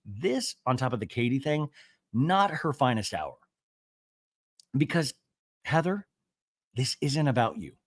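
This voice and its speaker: A male podcast host chatting casually through a reality show recap, animated and quick to act out quotes. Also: medium pitch, dry recording, clean studio sound.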